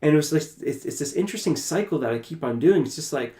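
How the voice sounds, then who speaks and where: A man from Canada, a podcast guest, telling a personal story in an animated way and acting out his own past conversations. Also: on the high side, quick pace. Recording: roomy echoey room.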